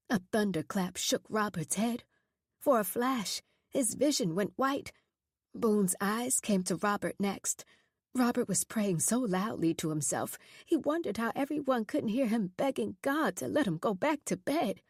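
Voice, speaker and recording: A woman with a husky, mid-range voice narrates a scripted audiobook at a slightly slow pace. The recording is dry, with clean studio sound.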